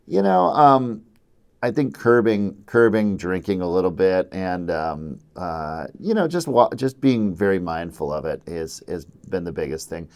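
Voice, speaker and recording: A man in his fifties from Minnesota, a musician guest chatting casually in a radio studio, halting and repeating his words as he restarts his thoughts. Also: sits low, sing-song. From Minnesota, USA. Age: 50s. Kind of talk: casual interview chat. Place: radio station studio session.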